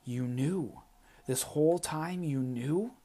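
A man's voice: a little high, takes it slowly, mellow, voice pushed up. A man reading as a fierce young girl pilot. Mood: angry. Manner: earnest, pleading. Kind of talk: audiobook character reading.

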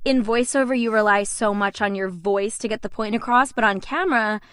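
A woman's voice: medium pitch, brisk, fairly bright tone, clear, resonant tone, no echo, studio quality. A young woman in her twenties, a voice actor telling stories in a casual interview, chatty and often laughing. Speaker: voice actor guest.

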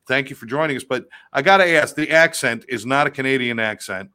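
A man's voice: medium pitch, a little fast, bright, forceful tone, smooth. A man co-hosting a talk show, with a loose, joking manner and many fillers. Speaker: co-host.

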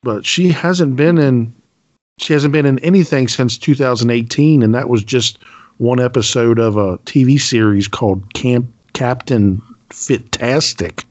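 A man's voice: mid-range voice, a little slow, darkish tone, dull audio. Laid-back joking man hosting a podcast. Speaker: podcast host. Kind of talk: casual chat.

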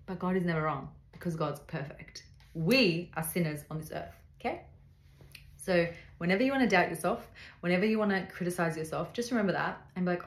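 A woman's voice: lowish voice, fairly quick. Earnest woman giving advice in a roomy room. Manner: earnest, direct, speaks straight to the listener. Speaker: podcast host. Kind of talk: casual faith-based advice talk.

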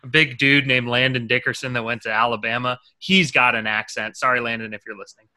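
A man hosts a sports podcast in a loose, rambling way, cracking jokes as he goes. His voice is very bright and sharp, sitting at an ordinary pitch for a man. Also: fairly even intonation, fast. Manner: rambling, jokey, enthusiastic. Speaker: podcast host. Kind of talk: casual chat.

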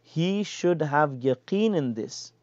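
A man giving a casual, animated religious lesson, explaining hadith and acting out everyday complaints. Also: fairly high pitch, slow, no room sound. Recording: dull lo-fi sound.

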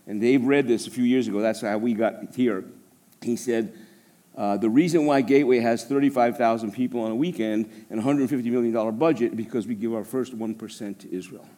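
Male pastor, mid-pitch, lively preaching delivery that swings between loud declarations and quiet jokes. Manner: animated preaching with joking asides. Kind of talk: sermon. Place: church service.

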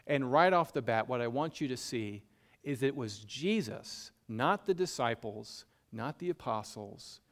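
A man's voice: mid-range voice, animated, measured pace. Southern guy preaching, easygoing sermon, jokes at his own expense, says stuff twice. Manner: folksy, self-deprecating, repeats for emphasis. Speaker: pastor. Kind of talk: conversational sermon.

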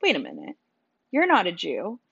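Storybook figure: a woman playing a moody, sharp-tongued teen boy, in a dull, dry recording. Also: fairly low pitch, wildly swooping pitch, normal speed, creaky, husky, no room sound, heavily acted. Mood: sarcastic. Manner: snappy, bitter, sarcastic.

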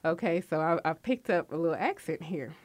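A woman's voice: brisk, no echo. A woman in her forties hosting a radio talk show, chatting candidly and openly about her life and work. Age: 40s. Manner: chatty and candid, lively with sudden high bursts. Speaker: radio host.

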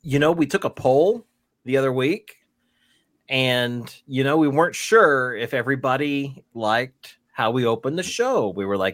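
Podcast host guy, laughs a lot, lively bouncy voice, slow easy pace. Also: medium pitch, dry recording. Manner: rambling, laughs through his words. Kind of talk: casual chat.

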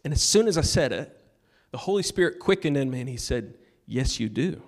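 A man's voice: on the high side, animated, fast talker. Fervent male pastor preaching. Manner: storytelling preacher, swings from loud urging to hushed. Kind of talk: sermon. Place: church sanctuary.

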